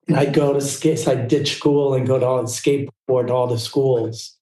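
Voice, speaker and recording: A man's voice: mid-range voice, steady tone, unhurried, mellow, echoey room, poor audio. A middle-aged man from Southern California, telling his story as a podcast guest in a candid, rambling way. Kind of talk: casual storytelling interview.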